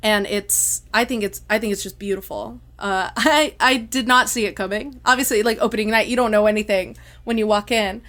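A woman hosting a podcast, talking about something she loves in an emotional, effusive way. She rambles quickly with a lot of restarts, at a middling pitch. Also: fairly even intonation, a bit bright. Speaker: podcast host. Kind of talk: casual podcast discussion.

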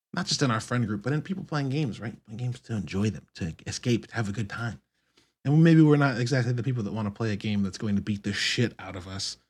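A man's voice: on the low side, slightly rough. A man hosting a solo podcast, talking casually and rambling, swearing often and correcting himself mid-sentence. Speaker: podcast host.

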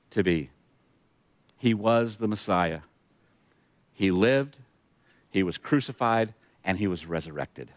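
A man's voice: on the low side, dry recording. A male pastor preaching a sermon, retelling scripture with emphatic asides to the congregation.

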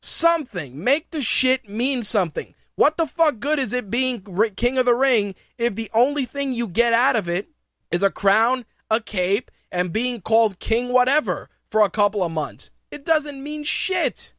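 A man's voice: very high voice, lively intonation, a little slow, a bit bright, dry recording, clean studio sound. A man hosting a podcast, ranting profanely and sarcastically in opinionated wrestling talk. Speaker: podcast host.

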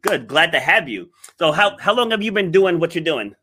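A man's voice: on the high side, sing-song, moderate pace, sharp tone. A man hosting a podcast, interviewing his guest in an enthusiastic way and laughing easily. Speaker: podcast host.

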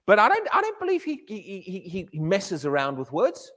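A man preaching a sermon in an animated way, often repeating his words and acting out quotes. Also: sits high, normal speed. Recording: echoey hall reverb.

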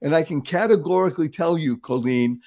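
A man's voice: on the high side, brisk, dark tone. A man in his seventies from the Boston area, talking as an interview guest in an emphatic, upbeat motivational style, repeating words for effect and laughing often. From Boston area, USA. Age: 70s.

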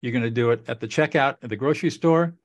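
A man's voice: mid-range voice, fast, dry recording. Give me a middle-aged man hosting an interview, earnest and instructive, in a dry, close recording. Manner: earnest, instructive, repeats phrases for emphasis. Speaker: podcast host. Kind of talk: conversational interview.

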